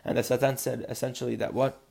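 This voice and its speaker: A man's voice: medium pitch, flat delivery, fast talker, creaky, a little mellow. A man teaching a podcast Torah lesson, earnest and building to emphatic insistence.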